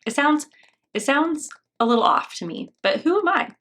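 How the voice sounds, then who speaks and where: A woman's voice: high voice, sing-song, normal speed, fairly bright tone. An American woman hosting a reaction video, rambling and laughing often, with a sarcastic edge. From United States. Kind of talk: casual commentary.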